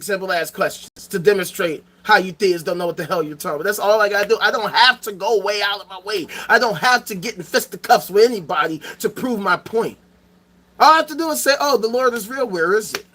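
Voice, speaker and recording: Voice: medium pitch, brisk, sharp tone. A streamer host ranting to the chat in a profane, sarcastic and emphatic way. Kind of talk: livestream rant to chat.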